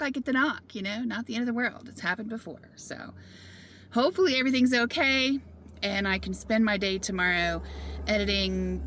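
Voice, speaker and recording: A woman talking casually in a van life vlog, thinking out loud and laughing often as she decides where to go next. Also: medium pitch, slight background noise. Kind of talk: casual solo vlog chat. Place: inside a parked van or car.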